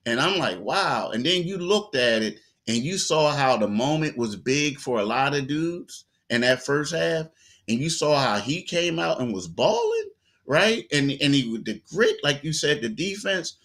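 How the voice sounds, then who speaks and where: A man co-hosting a sports talk show, telling stories in a loose, animated way with lots of quoted asides. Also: fairly high pitch, normal speed.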